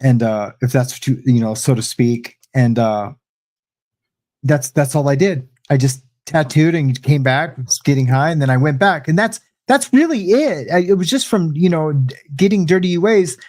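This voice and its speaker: A man recounting his past in an easygoing interview, speaking in halting bursts full of restarts and fillers. His voice sits a little higher than average for a man. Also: expressive, a little mellow. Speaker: guest sharing testimony. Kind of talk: casual conversational storytelling.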